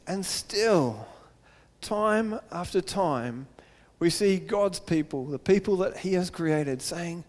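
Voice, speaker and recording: A man preaching a sermon earnestly, repeating phrases and building to excited emphasis. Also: high voice, slow pace, in a large hall.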